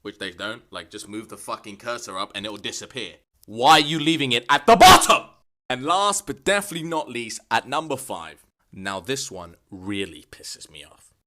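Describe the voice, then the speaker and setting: A young man vlogging comic rants, swearing constantly and bursting into exasperated shouts. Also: medium pitch, moderate pace. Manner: profane, exasperated ranting with sudden shouts. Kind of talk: comedic rant vlog.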